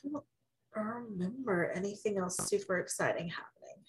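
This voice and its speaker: A woman co-hosting a podcast with a sick voice, briskly wrapping up and announcing upcoming episodes. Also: medium pitch, low-quality recording. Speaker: podcast co-host. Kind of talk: casual chat reviewing a TV episode.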